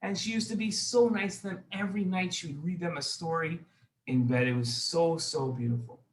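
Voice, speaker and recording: A man's voice: on the high side, steady tone, normal speed. A man hosting a children's show, telling a story to kids in an upbeat, reassuring way. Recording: echoey room.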